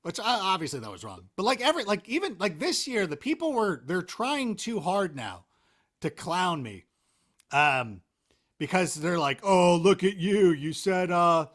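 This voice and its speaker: A man talking as a guest in a casual interview, animated, rambling and self-mocking. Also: high voice, moderate pace. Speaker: interview guest, NFL analyst.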